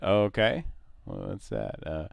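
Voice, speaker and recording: A deep-voiced, nasal man hosting a loose talk show, taking his time and swinging his pitch widely. He rambles, restarts, and laughs often. The sound is clear and dry. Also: wildly swooping pitch, takes it slowly, dry recording. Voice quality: nasal tonight. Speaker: show host. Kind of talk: casual radio-style chat.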